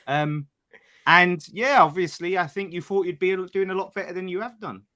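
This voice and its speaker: A man's voice: sits high, normal speed, bright, forceful tone. A man on a football podcast teasing the others in casual banter. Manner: teasing, needling. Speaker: podcast panelist.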